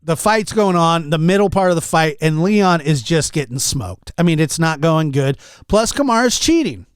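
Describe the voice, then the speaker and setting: Animated man telling a story on a podcast. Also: on the high side, moderate pace, clean tone, no room sound. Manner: animated, exasperated storyteller acting out quotes. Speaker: podcast host.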